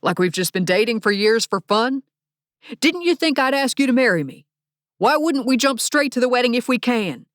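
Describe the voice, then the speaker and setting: A woman's voice: low voice, normal speed, dry recording, studio quality, natural voice. A woman voicing an angry, hurt young man whose fiancée is leaving him, bitter and accusing. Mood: indignant.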